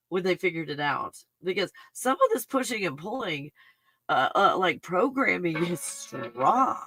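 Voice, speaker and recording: A woman's voice: on the low side, lively intonation, normal speed, a bit bright, dry recording. A woman hosting a spiritual healing live stream, reading viewer comments and gushing with emotional exclamations.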